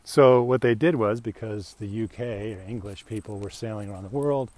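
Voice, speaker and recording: A man's voice: fairly low pitch, normal speed, darkish tone, no room sound. A middle-aged American man telling a rambling, chatty story in a casual monologue, laughing often. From United States.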